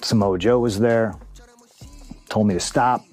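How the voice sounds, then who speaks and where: A man's voice: on the low side, fairly even intonation, measured pace, darkish tone, faint music behind. A man, a pro wrestler, bluntly telling a backstage story in an interview, swearing freely and acting out the voices of the people involved. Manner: blunt, profane, acts out quoted dialogue.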